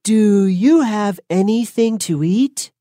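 A woman's voice: medium pitch, slow pace, warm tone, dry recording, clean studio sound, pitched above the performer's own voice, natural voice. A woman voicing Jack, an eager poor boy, in plain, earnest lines within a read-aloud storybook. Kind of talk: storybook reading.

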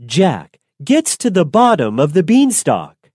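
A woman reads a storybook aloud, very slowly and clearly, her low voice rising and falling a great deal. The sound is dry and close. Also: wildly swooping pitch, darkish tone, no room sound. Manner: clear, simple and deliberate. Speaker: narrator. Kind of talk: slow storybook narration for learners.

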